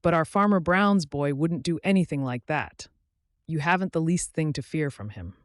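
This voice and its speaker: An eager, good-hearted young rabbit, as a man reading aloud puts him on, earnest and quick to reassure. His voice sits a little high and the recording is dry and close. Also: animated, dry recording, natural voice.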